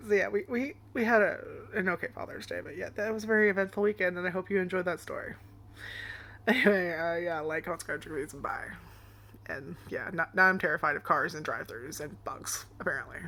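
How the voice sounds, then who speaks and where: A woman's voice: lowish voice, a bit bright. A young adult woman telling a rambling casual story as a vlogger, swearing often and laughing along the way.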